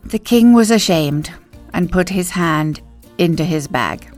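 A woman narrating a children's storybook in an expressive, clear, unhurried way. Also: fairly low pitch, soft background music.

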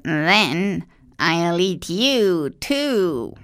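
A wicked old witch from a fairy-tale reading, drawling every word with slow, hungry menace, as a woman puts her on. The voice is lowish and dry, with no room around it. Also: big pitch swings, a bit bright, clean tone, dry recording, heavily acted. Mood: menacing. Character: evil old witch, cruel and greedy.

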